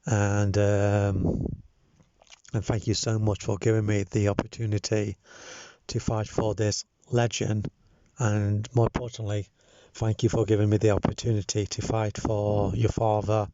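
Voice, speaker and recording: A man's voice: on the low side, flat delivery, a little slow, background noise. A young man giving a sincere, hesitant thank-you message, full of ums and restarts, recorded with dull lo-fi sound. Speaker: campaign organizer.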